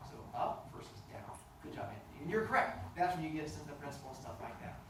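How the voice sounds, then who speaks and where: A playful, mock-stern middle-aged man teaches his class, teasing students as he quizzes them. His voice swings widely in pitch. The recording is a very echoey classroom picked up from a distance with clear background noise. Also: animated, quick pace. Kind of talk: classroom instruction. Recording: echoey classroom from far off, noisy.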